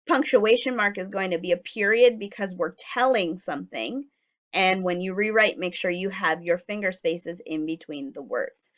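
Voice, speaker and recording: A woman leads a recorded phonics lesson for young children. She talks slowly and clearly, stretching each letter sound so it can be repeated. Her pitch sits in the middle range. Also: fairly bright tone, dull audio. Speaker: teacher.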